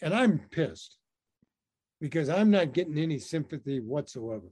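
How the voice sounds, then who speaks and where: A man telling a personal story in a casual interview, animated and laughing often as he talks. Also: on the high side, normal speed. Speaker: interview guest.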